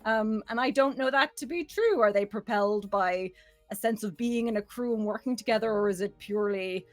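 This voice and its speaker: A woman's voice: medium pitch, a little fast, faint music behind. Thoughtful, hesitant woman player. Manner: thoughtful, hesitant, many fillers. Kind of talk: in-character reflection in a tabletop game.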